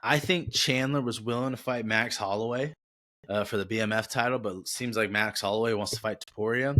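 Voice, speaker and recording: A man's voice: fairly low pitch, brisk, bright, forceful tone. A young man hosting a sports podcast, talking in a casual, rambling, slangy way and correcting himself as he goes. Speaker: podcast host.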